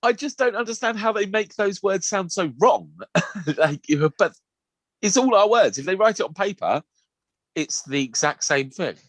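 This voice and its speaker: A man's voice: sits high, animated, normal speed, a bit bright, dry recording. A young man co-hosting a podcast, ranting with exasperation and swearing. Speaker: podcast co-host. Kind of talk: casual chat.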